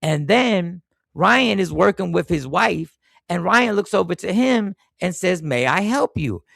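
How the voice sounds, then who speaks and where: A man's voice: high-pitched, a little slow, vocal fry, dry recording, clean studio sound. A man hosting a podcast, telling a work story in casual, profane chat and acting out the people he quotes. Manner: profane, animated storyteller, acts out quoted voices. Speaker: podcast host.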